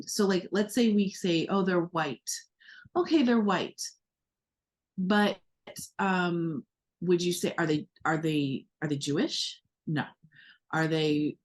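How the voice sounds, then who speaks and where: In a casual podcast conversation, an American woman co-host talks in a fairly low, unhurried voice. Her manner is earnest and reflective, and her speech is full of fillers and restarts.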